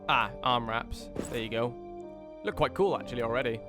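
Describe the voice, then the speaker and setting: A man talks his way through a game session in easy, casual commentary. He rambles and restarts, and now and then he perks up with excitement. His voice sits mid-range, and soft game music plays quietly behind him. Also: mid-range voice, normal speed. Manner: rambling, filler-heavy, easily excited. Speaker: gaming video host. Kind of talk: casual let's-play commentary.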